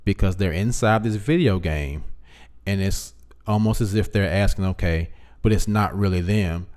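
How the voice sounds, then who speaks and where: A man casually recapping a plot, acting out the characters' lines in an animated way. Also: deep voice, moderate pace. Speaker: commentary vlogger.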